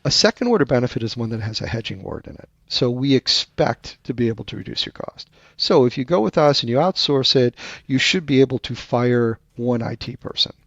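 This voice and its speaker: A man with a gravelly, slightly husky voice explains things patiently, like a teacher, and voices imagined buyers with lively jumps in pitch. The sound is close and dry but a little dull, without much room around it. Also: a little fast, few pauses, dry recording. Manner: animated, teacherly, acts out buyer questions with shifting pitch. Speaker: guest expert on sales value. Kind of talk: explanatory interview talk.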